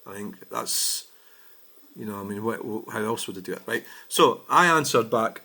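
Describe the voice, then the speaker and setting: A man's voice: fairly low pitch, animated, normal speed, creaky, sharp tone. A Scottish man giving blunt, exasperated casual commentary on comments he has received, swearing freely. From Scotland. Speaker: vlogger.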